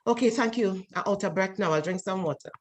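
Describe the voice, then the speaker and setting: A woman's voice: medium pitch, quick pace. Woman, emphatic and repetitive, preachy forum speech, video call. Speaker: panelist in church forum.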